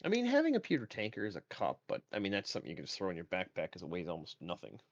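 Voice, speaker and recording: A man's voice: low voice, huge pitch swings, rapid-fire, no room sound. A man playing a tabletop game, chatting in a rambling, offhand way. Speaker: player. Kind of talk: casual tabletop game chat. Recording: dull lo-fi dry mic.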